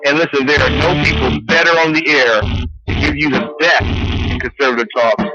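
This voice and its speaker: Male radio announcer over loud music. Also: medium pitch, fairly even intonation, a little fast, muffled recording. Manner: emphatic, promotional. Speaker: show announcer. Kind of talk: radio show intro.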